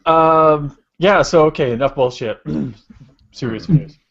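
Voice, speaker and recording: A man's voice: fairly high pitch, slow, creaky, a bit bright. A man co-hosting a podcast, chatting casually with lots of laughter and filler words. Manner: laughing, rambling with many fillers. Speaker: podcast co-host. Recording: dull lo-fi podcast audio.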